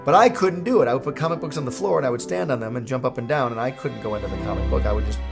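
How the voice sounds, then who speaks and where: A man's voice: mid-range voice, rapid-fire, vocal fry, music in the background. A man, a cartoon creator, telling a jokey, self-mocking story in a casual vlog.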